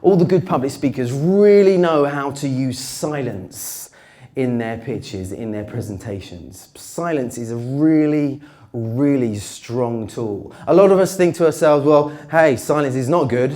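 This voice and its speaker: A man giving a conference talk on pitching, with a slightly worn voice, varying his pitch and dropping low with dramatic pauses. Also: expressive, dark tone. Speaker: pitch coach. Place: conference stage.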